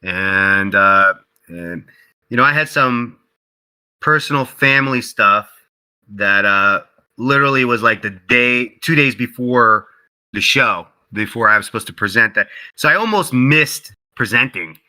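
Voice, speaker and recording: A man being interviewed as a guest, telling a casual story in an animated way, acting out quoted dialogue, with many fillers and restarts. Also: medium pitch, unhurried, rough recording. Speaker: interview guest, game company co-founder.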